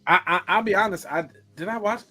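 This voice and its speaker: A man's voice: high voice, brisk, pushed and bright, slightly rough, soft background music. A man co-hosting a casual wrestling podcast, giving blunt, opinionated takes. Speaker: podcast co-host.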